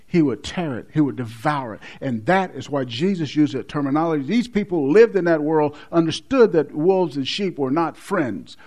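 Man preaching with loud-to-hushed swings. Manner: swings from loud emphatic to low quiet stresses; repeats key words for weight. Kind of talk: sermon.

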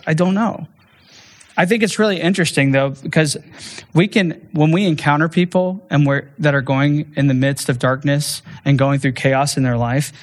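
A man's voice: on the high side, fairly bright tone. A man, a pastor, preaching a sermon in a conversational way, with playful asides and frequent restarts.

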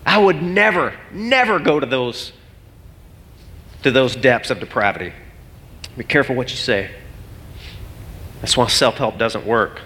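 A man's voice: medium pitch, sharp tone. A man preaching a sermon as pastor, telling a story earnestly and with rising emotion. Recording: long hall reverb.

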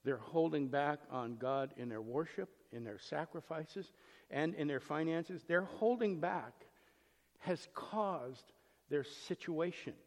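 Male pastor with a high voice giving an emphatic sermon, acting out the voices in the text; big echoing hall sound. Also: slow pace. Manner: emphatic, rhetorical questions, acts out the voices in the text. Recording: long reverb in a large hall.

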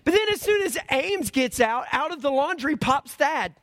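A man in his thirties delivers a sermon with a high, lifted voice. He tells lively, humorous stories and drops to a hush for his serious points. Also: normal speed. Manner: animated storytelling with humor; swings between loud and hushed. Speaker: preacher.

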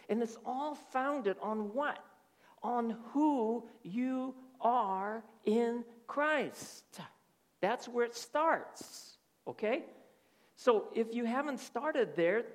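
A man's voice: a little high, gravelly. A middle-aged man preaching a sermon as pastor, often checking in with his listeners through rhetorical questions. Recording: reverberant hall.

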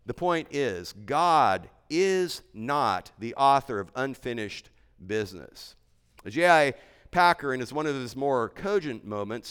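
A man's voice: mid-range voice, a bit bright, clear, resonant tone, long reverb tail. A man preaching a sermon as a pastor, earnest and emphatic, driving his points home with repeated phrases.

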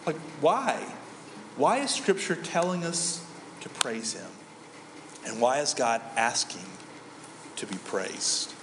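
A man's voice: a little high, big pitch swings, measured pace, a bit bright, slight background noise. A man in his thirties preaching a sermon as a pastor, conversational, often asking the audience questions. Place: church hall. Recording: echoey church hall.

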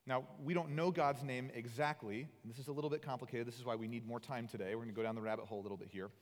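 A man preaching a sermon, animated and conversational, acting out the voices he quotes. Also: mid-range voice, racing. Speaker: pastor. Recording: long hall reverb.

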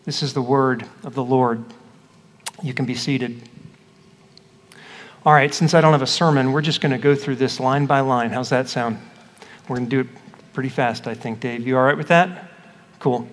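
Pastor with a high voice in a reverberant hall. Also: male voice, lively intonation, normal speed, long pauses. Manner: conversational, asks the congregation questions. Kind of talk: scripture reading and sermon teaching. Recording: echoey hall with long reverb.

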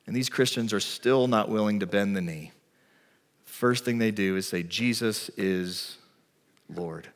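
A man's voice: lowish voice, normal speed. A man preaching a sermon as a pastor, talking in a conversational, storytelling way. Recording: long reverb of a large hall.

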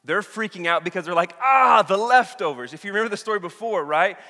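A man preaching a sermon in an animated way, acting out the people in the story with voices. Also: high voice, racing. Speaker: pastor. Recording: long reverb of a big hall.

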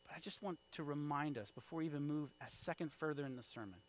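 A man in his thirties preaching a sermon, telling a story with big swings from hushed lines to loud calls. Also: on the high side, fast, a little hiss or hum. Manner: storytelling with wide swings in loudness, from hushed to shouted. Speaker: pastor.

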